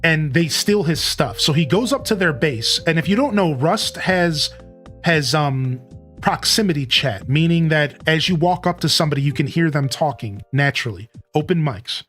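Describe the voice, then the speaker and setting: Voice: mid-range voice, lively intonation, moderate pace, a bit bright, soft background music. A streamer chatting casually with a live audience, telling a story loosely and greeting viewers by name.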